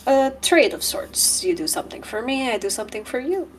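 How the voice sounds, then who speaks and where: A woman's voice: on the high side, very animated, fairly quick, slight background noise, pitched above the performer's own voice. A woman doing a smarmy, slick male schemer. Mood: scheming. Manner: slick and ingratiating.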